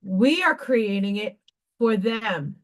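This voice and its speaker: A woman's voice: mid-range voice, animated, slow pace. A woman hosting a live craft stream, talking about spiritual growth in a passionate, preachy way and swearing freely. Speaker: livestream craft host.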